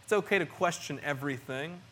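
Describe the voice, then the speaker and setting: Middle-aged male pastor, slightly high voice, earnest conversational preaching with hushed and loud swings. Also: a little fast, a little hiss or hum. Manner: earnest and conversational, with frequent restarts and swings in loudness. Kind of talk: sermon.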